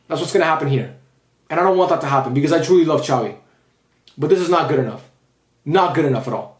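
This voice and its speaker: Fast-talking frustrated young man ranting. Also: fairly high pitch, a little mellow, roomy sound. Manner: frustrated, repetitive, swearing. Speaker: football fan vlogger. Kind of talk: post-match rant.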